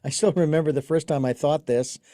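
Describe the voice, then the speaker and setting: High-voiced man telling rambling stories. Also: steady tone, a little fast, dark tone, dry recording, studio quality. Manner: rambling storyteller with many restarts and fillers. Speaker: podcast host. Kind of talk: casual interview chat.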